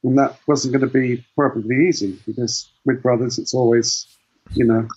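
A man's voice: mid-range voice, flat delivery, normal speed, darkish tone, slightly rough, dull audio. A man, a guitarist guest in an interview, telling long rambling anecdotes with many restarts. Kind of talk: casual storytelling interview.

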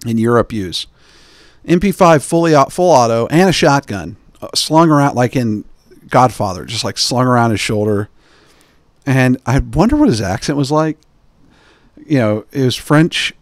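Man, podcast host, casual rambling chat, joking, very lively pitch, dry close sound. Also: no room sound. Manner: rambling, joking, filler-heavy.

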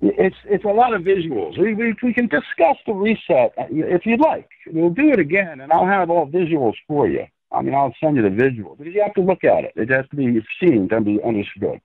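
A man calls in to an interview and rants in a rambling, profane stream. His voice sits high and swings widely in pitch. The sound comes through a tinny phone line. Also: big pitch swings, fairly quick, hardly any pauses, no room sound. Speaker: guest.

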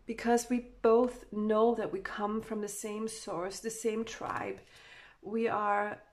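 Slow, rambling woman reading tarot. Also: medium pitch, level tone. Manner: rambling, full of "you know" fillers; emotive, voices what the couple feel. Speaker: tarot card reader. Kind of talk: channeled tarot love reading.

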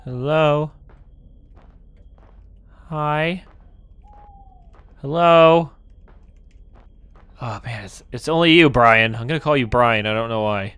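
This gaming channel host plays a horror game and talks to himself as he goes, cursing often and startling easily. His mid-range voice is slow, fairly bright, clear and resonant, with frequent pauses and no echo.

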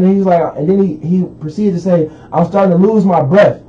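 Rambling dark-voiced radio co-host man. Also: high-pitched, a little fast. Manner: loose and rambling, heavy fillers. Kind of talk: casual current-events chat. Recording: dull lo-fi radio recording, faint hiss.

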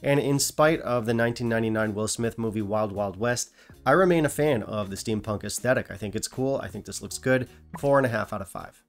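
A man's voice: fairly low pitch, brisk, faint music behind. A man hosting a whisky review channel, talking casually with dry, self-mocking humor and a non-British English accent.

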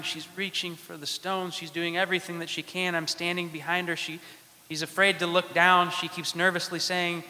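A man who is a priest, preaching a sermon in measured phrases with dramatic pauses, in a church. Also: fairly high pitch, bright, forceful tone. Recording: long church reverb.

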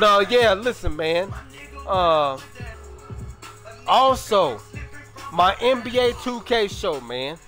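A man's voice: high voice, pushed and bright. A young man from Chicago with a Chicago accent, chatting casually on his stream in slangy, profane talk full of drawled repeats.

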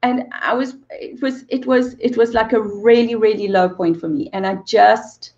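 A woman's voice: a little high, steady tone, normal speed, darkish tone, muffled recording. A woman in her forties, a movement coach and interview guest, telling an emotional personal story with earnest repeated phrases and bits of laughter.

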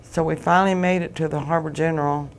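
A woman giving emotional personal testimony as an interview guest, halting and repeating phrases as she relives what happened. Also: deep voice, steady tone, creaky, a little hiss or hum. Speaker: guest, bereaved mother.

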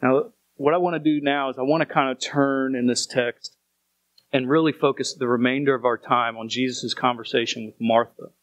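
A man's voice: mid-range voice, fairly even intonation, normal speed, dry recording, rough recording. A man preaching a sermon as pastor, speaking earnestly and repeating phrases for emphasis.

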